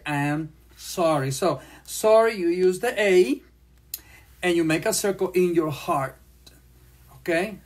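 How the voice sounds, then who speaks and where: Slow-paced sign language teacher. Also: medium pitch. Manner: speaks slowly, repeats phrases while demonstrating signs. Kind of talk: slow classroom lesson.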